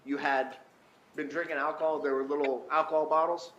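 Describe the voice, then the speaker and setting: A man's voice: fairly high pitch, little pitch movement, a little fast, fairly bright tone, dull audio. A man cross-examining a witness in a courtroom, questioning with hesitant restarts. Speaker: defense attorney. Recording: roomy courtroom audio with faint hum.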